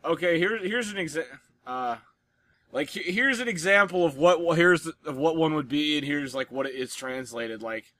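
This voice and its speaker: A man's voice: a little high, expressive, moderate pace, fairly bright tone, dry recording. An American man co-hosting a podcast in casual chat, rambling with lots of "like" fillers. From United States. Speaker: podcast co-host.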